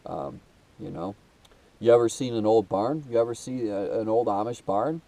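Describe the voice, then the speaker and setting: A man's voice: on the low side, normal speed, dark tone, distant mic. Young man venting with a blocked nose. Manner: casual and swearing, calls listener dude, many restarts and fillers. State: blocked nose, trouble breathing. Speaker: self-made video host. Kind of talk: rambling personal monologue to camera.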